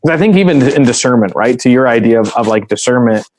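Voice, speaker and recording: A man's voice: mid-range voice, lively intonation, quick pace, darkish tone, slight background noise, low-quality recording. A man speaking as a podcast guest in a casual interview conversation, earnest and reflective as he tells a story.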